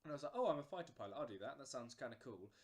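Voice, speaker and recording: A man's voice: medium pitch, lively intonation, racing, a little mellow. A man casually telling a long story on a podcast, with many fillers and restarts. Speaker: podcast host. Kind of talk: casual chat.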